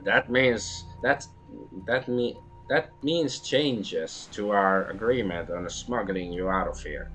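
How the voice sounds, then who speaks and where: Man reading a very deep, gruff Canadian smuggler for a video game, mercenary, says "eh" a lot. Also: a bit bright, soft background music, rough recording. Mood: blunt demanding. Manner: ends lines with a drawn-out "eh".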